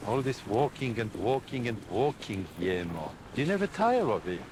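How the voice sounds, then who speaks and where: An actor playing a weary, pompous male vampire with a formal, deadpan delivery. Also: mid-range voice, normal speed, lightly acted. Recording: TV clip with background noise.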